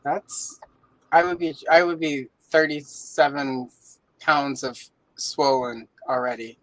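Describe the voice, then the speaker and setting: A woman's voice: deep voice, steady tone, slow, a bit bright, dry recording, rough recording. Brief: Southern-accented woman, livestream host, chatty and jokey, dry close sound. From Southern United States. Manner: chatty, jokey, greets viewers by name. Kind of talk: casual chat while coloring on stream. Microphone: streaming setup.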